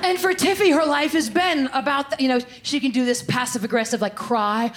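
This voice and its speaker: High-pitched woman doing a stand-up bit, acts out people in quick voices, live club noise behind. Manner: animated, acts out characters in quick quoted voices. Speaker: stand-up comedian. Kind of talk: stand-up set.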